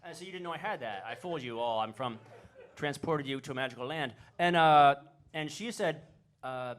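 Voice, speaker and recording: A man's voice: fairly high pitch, a little fast. A man doing a rambling, self-mocking stand-up set on a comedy stage into a handheld mic.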